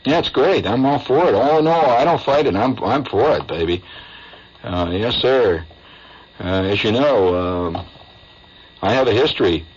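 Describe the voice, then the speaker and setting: A man's voice: medium pitch, a little slow, husky. A man telling a rambling, wry comic story as a radio host. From United States. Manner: rambling, conversational, wry, full of asides. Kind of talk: improvised comic storytelling monologue. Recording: dull lo-fi 1970s AM radio aircheck.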